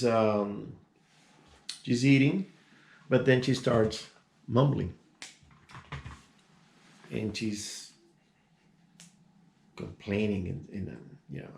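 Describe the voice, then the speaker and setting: Older man in his sixties with a gravelly, creaky voice. Casual storyteller who rambles and restarts. Echoey room. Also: lowish voice, steady tone, slow, pauses often, a little mellow, a little hiss or hum. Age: 60s. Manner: rambling, digressive, many restarts and asides. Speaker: vlogger telling a personal story.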